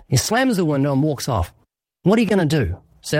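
A man preaches in an interview in an earnest, emphatic voice that sits a little high. He acts out quick exchanges to make his point. The recording is dry and close. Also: sing-song, darkish tone, dry recording. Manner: earnest, emphatic, sermon-like with acted dialogue. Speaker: evangelist guest.

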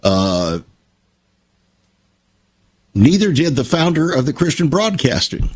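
Older man, husky and lively storyteller. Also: a little high, slow. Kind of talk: reflective conversational talk.

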